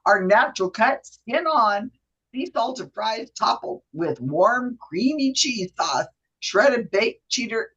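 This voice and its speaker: A woman's voice: a little high, animated, takes it slowly, fairly bright tone, husky, muffled recording, exaggerated voice. A woman voicing a cheerful drive-through worker who reads out the menu in a sing-song way and trips over some words. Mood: perky, upselling. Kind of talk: acted drive-through order for a trivia game.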